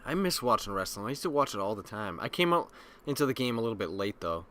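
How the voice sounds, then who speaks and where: A man's voice: lowish voice, very animated, quick pace, bright, forceful tone. A man in his thirties hosting a podcast, chatting casually, joking and swearing loosely. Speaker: podcast host. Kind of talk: casual chat.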